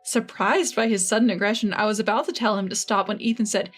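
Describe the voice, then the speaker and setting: A woman narrating her own family revenge story in the first person, matter-of-fact and quietly smug. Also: mid-range voice, fast talker, soft background music.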